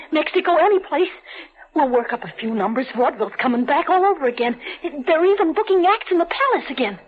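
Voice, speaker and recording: A woman's voice: high-pitched, natural voice. An actress playing a frightened young wife begging her husband to flee, pleading and tearful, in 1940s radio acting. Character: desperate frightened young wife of a small-time dancer. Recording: dull old radio recording.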